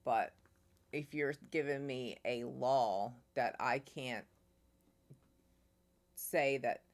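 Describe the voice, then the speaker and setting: A man's voice: medium pitch, very slow. An American man co-hosting a music reaction video, arguing his opinions in casual chat. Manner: opinionated, argumentative.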